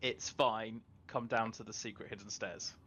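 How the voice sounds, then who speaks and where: A man voicing an earnest male adventurer, one of a pair of twins, in a tabletop role-play, speaking slowly and deliberately in character. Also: lowish voice, steady tone, sharp tone, slight background noise. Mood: urgent.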